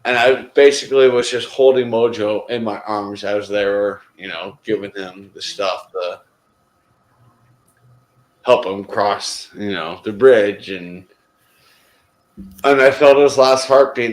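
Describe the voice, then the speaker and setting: A man's voice: fairly low pitch, roomy sound, poor audio. A man in casual group conversation, telling a heartfelt story in a rambling way, often restarting his sentences. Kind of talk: casual chat.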